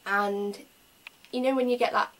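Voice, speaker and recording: A young woman from England telling an excited story in a casual vlog, chatty and full of fillers. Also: on the high side, a little slow, slight background noise, rough recording. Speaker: vlogger.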